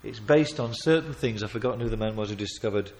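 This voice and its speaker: Man, preacher, sermon, emphatic, loud swells, quiet asides, chuckling. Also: lowish voice, fast talker. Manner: chuckles while telling stories.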